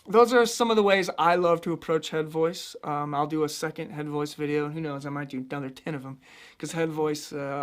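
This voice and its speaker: A male vocal coach from central Illinois, talking through a singing lesson in a loose, chatty way. He explains technique plainly and slips easily into light, high demonstrations of head voice.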